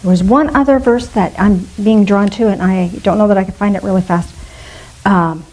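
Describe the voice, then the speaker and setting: A woman's voice: mid-range voice, normal speed, a little mellow, poor audio. A middle-aged woman minister giving a spiritual talk to a congregation, playful and musing aloud with asides.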